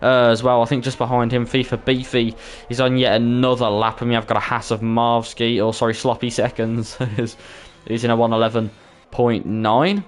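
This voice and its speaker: With a Birmingham accent and a level, mid-range voice at normal speed, this esports commentator calls an online racing league on a live stream. He's chatty, laughs easily, and trips over names now and then.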